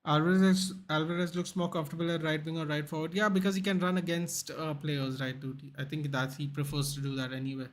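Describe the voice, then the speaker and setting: A man's voice: on the high side, brisk, hardly any pauses. Chatty young man streaming a football match. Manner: animated, chatty, reacts to the game and reads chat. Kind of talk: live casual football commentary.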